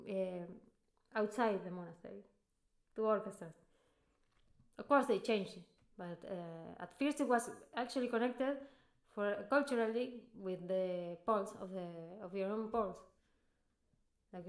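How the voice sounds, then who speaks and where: A woman's voice: mid-range voice, lively intonation, a little slow. A woman musician chatting casually on a livestream between practice takes, rambling into joking rants. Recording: roomy echo.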